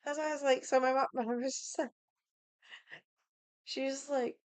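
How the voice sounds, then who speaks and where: A woman's voice: high voice, animated, unhurried, gravelly, a little mellow, no echo. A young woman chatting casually, rambling with lots of filler words and swearing. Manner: rambling, heavy on 'like' and swearing. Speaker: streamer. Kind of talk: casual chat while drinking.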